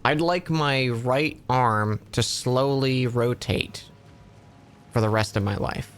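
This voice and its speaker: A man voicing a man who makes absurd wishes, in a flat, matter-of-fact way. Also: medium pitch, slow, clear, resonant tone. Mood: deadpan.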